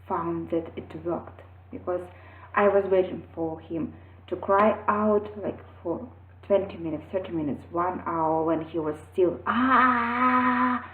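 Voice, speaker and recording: A woman talks earnestly and gently about her experience as a mother, pausing often and restarting her sentences. The sound is thin and phone-like, as if squeezed through a narrow line. Her voice rings in a noticeably echoey room. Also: lowish voice. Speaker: mother sharing parenting experience. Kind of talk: earnest personal talk to camera.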